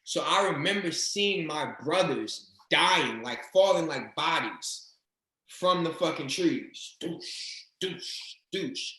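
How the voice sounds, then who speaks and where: Brief: man, interview guest, loose profane storyteller, bright and forceful tone, roomy echo. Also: fairly high pitch, slow. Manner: swearing, animated, laughing storyteller. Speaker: interview guest, regression practitioner. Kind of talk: casual storytelling chat.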